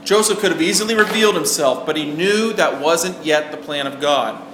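A man's voice: on the high side, moderate pace. A man preaching a sermon in an earnest way, asking the listeners questions as he goes. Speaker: pastor. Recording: roomy echo with faint background noise.

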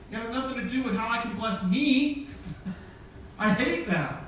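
High-voiced preacher in a very echoey hall. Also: male voice, animated, measured pace, a bit bright, slight background noise. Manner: humorous storytelling, acts out dialogue. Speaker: pastor. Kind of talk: sermon. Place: church sanctuary. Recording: very echoey church hall from far off.

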